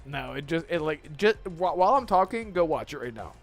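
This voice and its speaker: A man hosting a gaming podcast in casual chat, excitable and laughing often as he rants. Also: a little high, brisk, soft background music. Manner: excitable, laughs often, swears while ranting. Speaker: podcast host.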